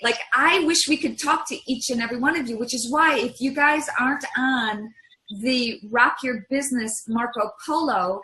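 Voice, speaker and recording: A woman's voice: high voice, normal speed, pushed and bright, echoey room, rough recording. A woman hosting a live online training, encouraging and upbeat with her participants. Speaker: host.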